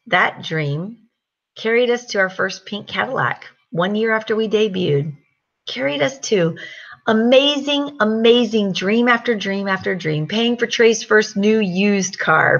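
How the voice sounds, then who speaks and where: A woman's voice: fairly high pitch, creaky, lo-fi sound. A middle-aged woman telling a personal story and giving a motivational sales pep talk, acting out what people said. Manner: animated storyteller, acts out quotes.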